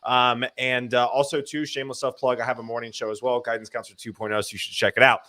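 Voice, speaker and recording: A man hosting a live web show, talking in an upbeat, energetic, chatty way. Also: mid-range voice, fast talker. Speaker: host. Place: home in Nashville.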